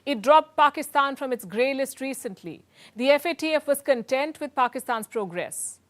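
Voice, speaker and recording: Female Indian news anchor, scripted, emphatic, slightly higher voice. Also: lively intonation, normal speed, dry recording. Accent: Indian English. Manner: emphatic, pointed delivery.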